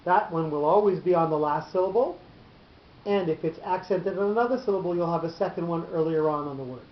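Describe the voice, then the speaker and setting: A man teaching a class, explaining patiently and slowly with frequent pauses. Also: on the high side. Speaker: teacher of Torah cantillation. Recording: roomy, dull, slightly noisy recording.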